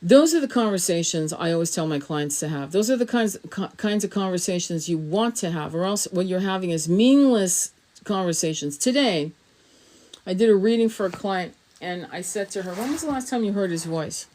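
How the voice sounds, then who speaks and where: A middle-aged woman gives a casual spiritual tarot reading to camera, blunt and emphatic, swearing freely and laughing often. Her voice is on the low side and a little mellow, with lively intonation and a moderate pace.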